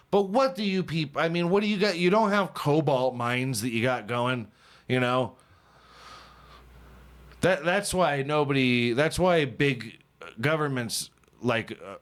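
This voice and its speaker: Profane laughing man, lively pitch. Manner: profane, laughs often, mocking joking tone. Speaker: podcast host. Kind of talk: casual comedic podcast banter.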